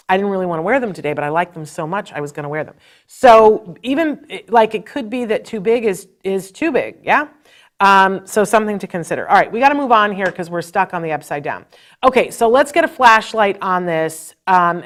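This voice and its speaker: A woman in midlife hosts a live advice show for parents. She tells a story with a lot of life in her voice and keeps turning to speak straight to the people watching. Her pitch sits in the ordinary middle range. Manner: animated storytelling, talks straight to viewers. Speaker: host.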